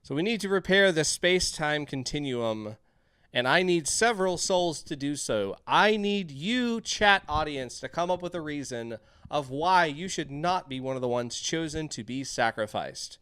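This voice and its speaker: A man's voice: a little high, animated, moderate pace, fairly bright tone, clear, resonant tone, dry recording, studio quality. A man streaming a game live, reading the on-screen text aloud and joking with his chat in a chatty, casual way.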